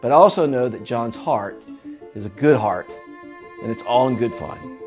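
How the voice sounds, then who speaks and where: A man's voice: medium pitch, normal speed, darkish tone, faint music behind. A man hosting a charity fundraiser, reading announcements and introducing a comedian in an earnest way. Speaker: event host. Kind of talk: scripted event announcement.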